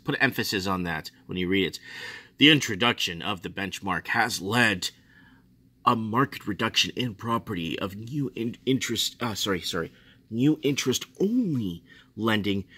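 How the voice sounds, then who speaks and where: A man from Australia reading finance news aloud and ranting about it, sarcastic, swinging from low muttering to mocking high outbursts. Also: bright, forceful tone, breathy edge, dry recording. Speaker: finance commentator.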